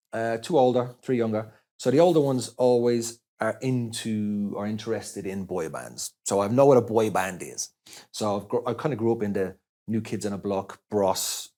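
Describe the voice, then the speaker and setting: A man from Ireland with an Irish accent, a guest telling stories in casual chat, lively, with many restarts and self-corrections. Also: lowish voice, moderate pace. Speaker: interview guest. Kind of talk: casual anecdotal storytelling.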